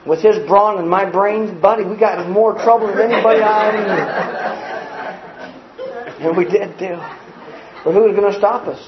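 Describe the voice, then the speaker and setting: Male preacher, high tenor, animated folksy storyteller; muffled live capture with a faint room hum. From grew up poor in a small family. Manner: animated, folksy storyteller who acts out scenes. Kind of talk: storytelling sermon.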